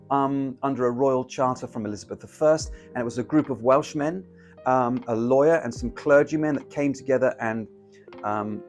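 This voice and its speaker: A man's voice: mid-range voice, darkish tone. A man teaching an online poetry lesson in a chatty, digressive way, with frequent ums. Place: indoors, screen-sharing to an online audience.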